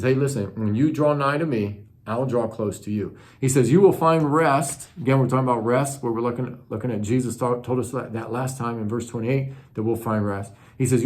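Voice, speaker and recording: Male pastor, mid-pitch, conversational sermon delivery, earnest teaching tone. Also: a little mellow.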